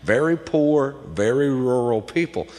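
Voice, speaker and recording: A man's voice: mid-range voice, animated, measured pace, darkish tone. A man from Texas doing a crude stand-up comedy routine, drawling through stories and putting on voices for the people in them. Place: large theater stage. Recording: live stage with hall reverb and audience noise.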